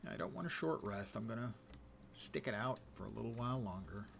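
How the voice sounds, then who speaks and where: A man's voice: lowish voice, animated, a little fast, creaky, fairly bright tone, a little hiss or hum. A man casually narrating his gameplay on a stream, muttering dry, wry asides to himself. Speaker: game streamer.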